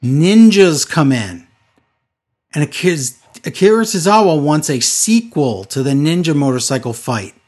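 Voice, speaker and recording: Male co-host, husky and slightly high, sarcastic recap banter. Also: lively intonation, normal speed, darkish tone. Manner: sarcastic, mocking recap with quoted voices. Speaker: podcast co-host recapping wrestling. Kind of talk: casual chat.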